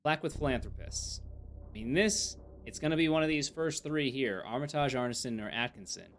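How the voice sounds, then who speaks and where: A man streaming a video game live, thinking aloud and gently mocking himself. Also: mid-range voice, a little fast, slight background noise.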